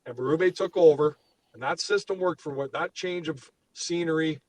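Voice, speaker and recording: A man's voice: a little high, normal speed, a little hiss or hum, poor audio. A man co-hosting a sports podcast, ranting heatedly and swearing as he gets worked up. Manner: fired up, swears freely, ranting. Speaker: podcast co-host.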